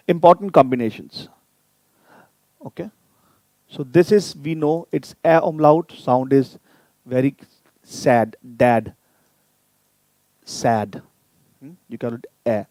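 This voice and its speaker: In a live online lesson, a German language teacher patiently sounds out vowels and consonants one at a time, slowly repeating them to drill pronunciation. He speaks to viewers directly and invites typed questions. His mellow, medium-pitched, unhurried voice is recorded close and dry, with no echo or room sound.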